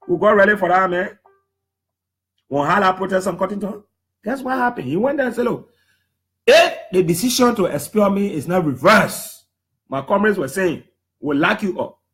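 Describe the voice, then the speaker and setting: High-voiced Liberian man, animated storytelling. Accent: Liberian English. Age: 30s. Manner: lively, emphatic, slips into quoting others in put-on voices. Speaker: human rights defender speaking to the public.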